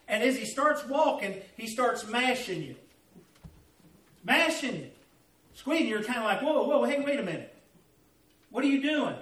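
A male pastor giving an animated, storytelling sermon in a church. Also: extremely high pitch, echoey room, distant mic, low-quality recording.

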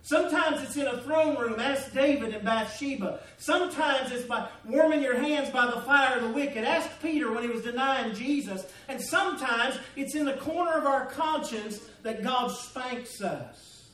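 A man's voice: very high-pitched, normal speed, hardly any pauses, a bit bright. A middle-aged man with a Southern American accent telling a personal story in a sermon, folksy and laughing through the tale. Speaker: pastor. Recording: echoey, from a distance.

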